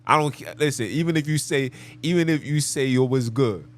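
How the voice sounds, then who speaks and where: A man's voice: on the high side, fairly quick. A man hosting a live podcast monologue, talking emphatically and preachily and repeating his phrases. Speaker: podcast host.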